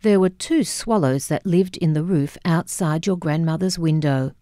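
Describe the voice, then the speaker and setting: A woman reading the part of a blunt, grieving immigrant mother in an audiobook, speaking in a quiet, measured way. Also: deep voice, dry recording, studio quality, natural voice. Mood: reflective. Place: radio studio.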